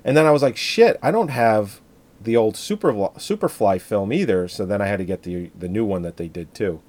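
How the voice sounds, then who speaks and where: A man with a low voice rambles through a casual movie chat, swearing freely and trailing off mid-thought. He sounds relaxed and talkative. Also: fairly quick.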